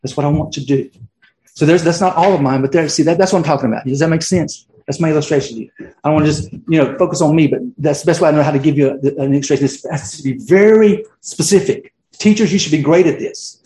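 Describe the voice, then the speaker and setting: A middle-aged pastor preaches in a loose, conversational way, circling back through fillers and restarts. His voice sits a little high for a man. The church echo rings around him. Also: fast talker, mellow, a little hiss or hum. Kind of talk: sermon. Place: church sanctuary.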